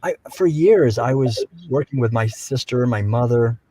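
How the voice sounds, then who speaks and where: An older man speaking as a guest in a reflective conversation, gentle and unhurried, telling stories with frequent restarts. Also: mid-range voice, no room sound, low-quality recording.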